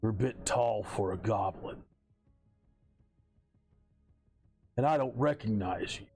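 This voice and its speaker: A man's voice: fairly low pitch, normal speed, a little mellow, breathy edge, soft background music. A man voicing a large, suspicious orc chieftain who questions a captive, commanding and menacing.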